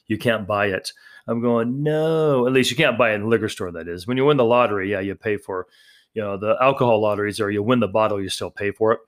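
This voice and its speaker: A man with a fairly low voice talks casually on his own podcast. He rambles in a friendly, chatty way, doubling back on his words and filling pauses as he goes. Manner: rambling, chatty, frequent fillers and restarts. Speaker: podcast host. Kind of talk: casual solo podcast talk.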